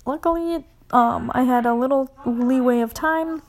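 A woman's voice: high voice, moderate pace. A young adult woman telling a casual story, rambling and swearing, full of "like", often dropping to a whisper.

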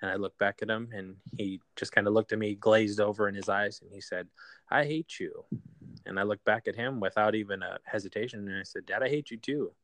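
A man telling a painful personal story in an interview, halting with many fillers and restarts. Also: fairly low pitch, little pitch movement, a bit bright, no echo. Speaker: guest.

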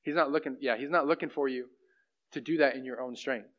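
Casual young preacher, dull lo-fi sound. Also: male voice, medium pitch, a little fast. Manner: casual, conversational preaching with frequent "like" and "right?". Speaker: pastor. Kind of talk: sermon.

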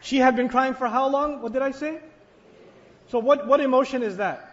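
A man with a very high voice gives an animated sermon, telling a story and putting questions to his listeners. His voice rings through a hall with long reverb. The recording sounds dull and muffled. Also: moderate pace. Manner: animated storyteller, asks audience questions and answers them. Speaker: Islamic speaker. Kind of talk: sermon-style talk.

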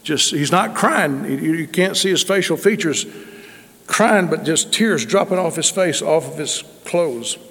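In a large hall that gives the sound a long reverb, a middle-aged man preaches, sharing a testimony as folksy, emphatic sermon storytelling. His slightly high voice is animated and a bit bright, with a measured pace.

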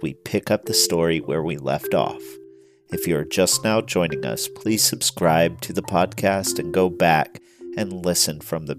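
A man reading his own storybook aloud as narrator, friendly and clear on a close mic. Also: sits low. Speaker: author narrating his book. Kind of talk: audiobook narration.

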